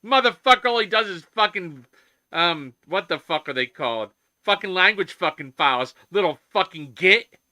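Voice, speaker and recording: A man's voice: high voice, expressive, moderate pace, pushed and bright, no echo, clean studio sound. A man streaming himself coding, ranting in casual chatter with constant swearing. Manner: profane, ranting, heavy swearing.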